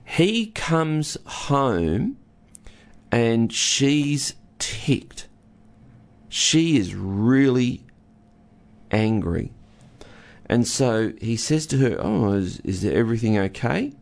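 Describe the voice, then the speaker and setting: A man who counsels couples, explaining listening through an everyday story, acting out both partners as he goes. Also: medium pitch. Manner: storytelling, acts out husband and wife. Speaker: relationship counsellor. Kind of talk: casual teaching talk with a co-host.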